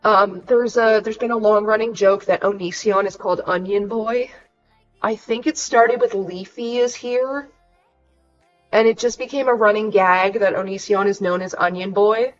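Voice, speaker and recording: A woman's voice: medium pitch, steady tone, normal speed, muffled recording, faint music behind. A young woman, venting frankly and swearing freely on a casual livestream. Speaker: streamer.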